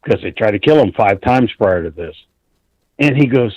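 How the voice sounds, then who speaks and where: A man's voice: lowish voice, expressive, moderate pace, a little mellow, slightly rough, no room sound, poor audio. A man calling in to a talk show, telling a long story in an intense, rambling way and swearing often. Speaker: caller.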